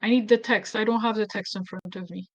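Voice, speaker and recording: A woman's voice: mid-range voice, steady tone, brisk, muffled recording. Woman with an Ethiopian accent, thinking aloud. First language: Amharic. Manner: thinking aloud, self-deprecating, easily flustered. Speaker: activist tutorial host. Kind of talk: casual screen-recorded tutorial.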